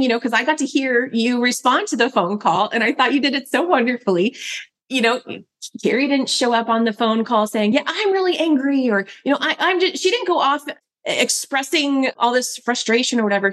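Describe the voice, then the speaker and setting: A woman confidence coach speaking as a podcast guest, calm, encouraging and affirming. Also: fairly high pitch. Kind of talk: casual conversation.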